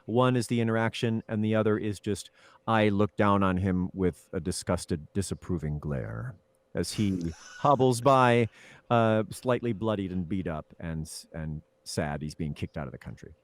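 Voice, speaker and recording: A man, a film actor, telling lively anecdotes in a casual interview, with chuckles and restarts. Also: lowish voice, moderate pace, no room sound.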